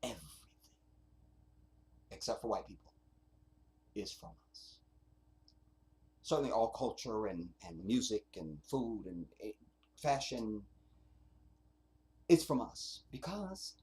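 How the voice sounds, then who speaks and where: A man's voice: lowish voice, big pitch swings, slow pace, long pauses, a little mellow. A man hosting a casual livestream, rambling and swearing as he reads out viewer comments. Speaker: livestream host.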